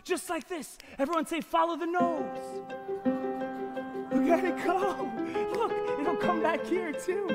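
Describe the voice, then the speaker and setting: A man's voice: extremely high pitch, unhurried. A man performing a playful family magic show on stage, leading the audience in call-and-response. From United States. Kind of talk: live kids' magic show patter. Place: concert hall stage. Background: music playing.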